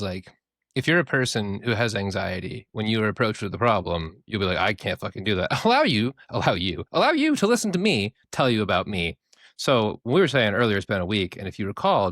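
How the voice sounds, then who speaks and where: A man's voice: fairly low pitch, dry recording. Young male podcast cohost, casual storyteller who curses and does voices, dry close mic. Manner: animated storyteller, swears freely, mimics voices. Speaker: podcast co-host.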